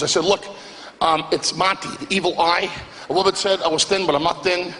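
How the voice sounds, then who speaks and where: A male stand-up comedian telling an animated story on stage, acting out the people in it with exaggerated voices. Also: high-pitched, fairly quick. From Greek family background. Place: comedy club stage before a live audience. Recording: live club recording with hall reverb and crowd noise.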